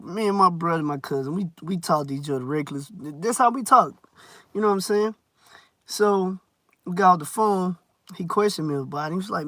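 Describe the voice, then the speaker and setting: A man telling a story in a loose, rambling vlog style, often repeating words and clearing his throat. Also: high voice, fairly bright tone, dry recording.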